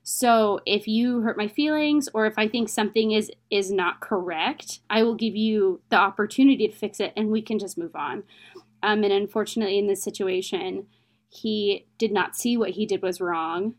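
A woman's voice: mid-range voice, normal speed. A young adult woman, an interview guest, telling a personal story in a candid, emotional, plain-spoken way.

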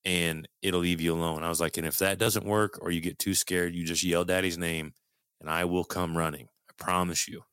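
A man's voice: low voice, level tone, a little fast, a bit bright, smooth, no echo, studio quality. A middle-aged man telling a personal story in casual conversation, earnest and swearing freely, often restarting sentences.

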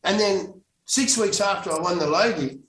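A man's voice: high voice, normal speed, fairly bright tone. A middle-aged man from Australia, a guest telling stories in a casual interview, rambling with many restarts and self-corrections. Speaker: guest, actor. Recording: roomy echo, distant mic.

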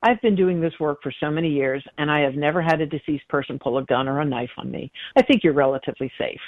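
A woman's voice: deep voice, quick pace, dry recording. A middle-aged woman, a psychic medium, telling stories in a conversational interview and acting out the dialogue in them. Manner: animated, acts out dialogue in her stories. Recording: dry tinny phone-like line.

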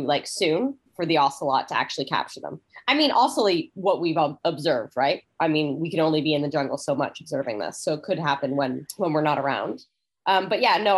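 A woman joins a relaxed panel conversation as a guest. She speaks in a fairly low voice and explains her points at length, with plenty of enthusiasm. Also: breathy edge. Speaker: podcast guest. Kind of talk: casual panel chat.

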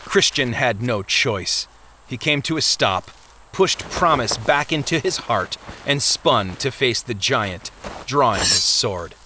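A man's voice: medium pitch, lively intonation, slow pace, sharp tone, slight background noise. Man narrating a dramatic audiobook. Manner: dramatic, vivid storytelling. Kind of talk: scripted narration. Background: music.

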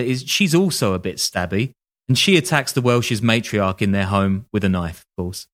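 A man telling a true-crime story casually on a podcast, with wry joking asides and casual swearing. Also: fairly low pitch. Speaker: podcast host.

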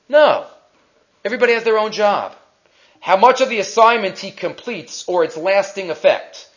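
Man, rabbi giving a text class, high voice, animated, reads sources then explains, muffled lo-fi recording. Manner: animated, reads sources aloud and explains them with emphatic rhetorical questions. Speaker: rabbi teaching a Torah class. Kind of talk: text-based Torah lecture. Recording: dull lo-fi recording.

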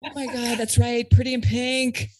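A woman co-hosting a podcast, asking quick, playful questions in casual chat. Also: fairly high pitch, little pitch movement, background noise. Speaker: podcast co-host.

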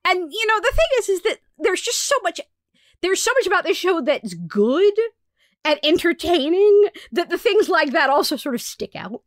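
A woman's voice: very high voice, very animated, normal speed, no room sound, clean studio sound. A woman co-hosting a podcast in casual chat, giving blunt, emphatic opinions. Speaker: podcast co-host.

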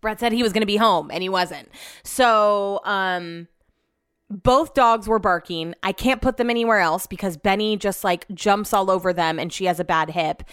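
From her home office, a woman hosts a casual solo podcast, rambling about her day, venting and swearing freely. Her mid-range voice is fairly bright, clear and resonant, at a moderate pace, with studio-quality sound and no room echo.

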